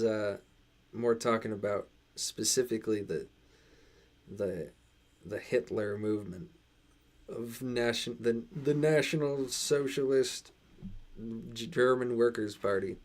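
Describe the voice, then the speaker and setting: A man in a casual live stream, talking in a put-on transatlantic accent at a mid pitch. He reads chat and replies in loose, halting sentences full of fillers and restarts. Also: darkish tone. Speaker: channel host reading live chat.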